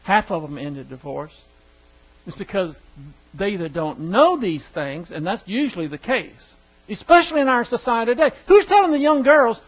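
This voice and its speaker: High-voiced emphatic male preacher, lo-fi. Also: expressive, normal speed. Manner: emphatic, rhetorical questions, acts out quoted dialogue. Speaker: preacher teaching a class. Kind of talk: sermon-style teaching with prayer.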